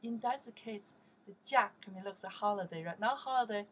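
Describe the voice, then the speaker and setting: A woman with a Chinese accent teaching vocabulary slowly and patiently, repeating words and often checking in with "okay". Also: medium pitch, slightly rough. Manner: patient, repetitive, says "okay" often, drills words loudly. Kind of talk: slow vocabulary lesson.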